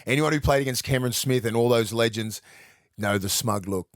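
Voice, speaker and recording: A man's voice: mid-range voice, fairly quick, dry recording, studio quality. An Australian man in his forties, co-hosting a podcast in casual sports chat, telling stories with plenty of swearing. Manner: swearing, animated storytelling. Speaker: podcast co-host.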